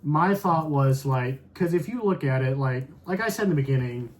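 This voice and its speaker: A man's voice: medium pitch, expressive, normal speed. A man in his thirties chatting on a podcast in a middle-range voice. He rambles along, leaning on "like" as he hunts for his point. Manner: rambling, heavy use of "like". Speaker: podcast co-host. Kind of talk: casual chat.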